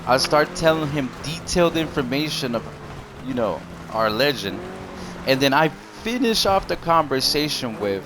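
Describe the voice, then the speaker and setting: A man's voice: medium pitch, expressive, normal speed, background noise. A man ranting casually to his viewers in a heated, repetitive way, full of slang. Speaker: gaming YouTuber. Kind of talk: casual rant to camera.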